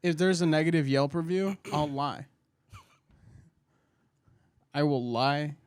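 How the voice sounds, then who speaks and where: A man's voice: a little high, slow, smooth, no room sound, clean studio sound. A man who is a comedian, co-hosting a podcast in casual chat, emphatic and joking.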